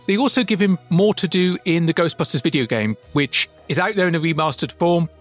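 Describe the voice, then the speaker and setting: A man co-hosts a podcast with blunt, sweary, wry remarks. His voice sits slightly high for a man. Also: brisk, faint music behind. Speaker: podcast co-host. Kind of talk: casual chat.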